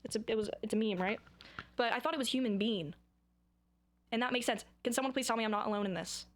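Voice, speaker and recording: A woman's voice: fairly high pitch, fast talker. A young woman chatting to camera in a rambling, goofy, self-mocking way about her own habits. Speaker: vlogger. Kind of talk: casual chat to camera.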